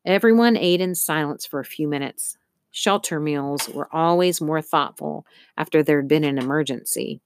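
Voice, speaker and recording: A woman reading a children's novel aloud as audiobook narrator, in a steady storytelling manner. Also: low-pitched, moderate pace, a little hiss or hum. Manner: steady storytelling, occasional slips. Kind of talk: scripted narration.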